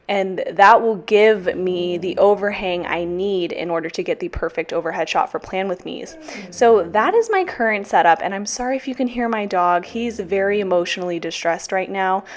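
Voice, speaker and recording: A young woman with a Texan accent giving a casual, profane, self-mocking voiceover as a planner vlogger, a little out of breath. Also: mid-range voice.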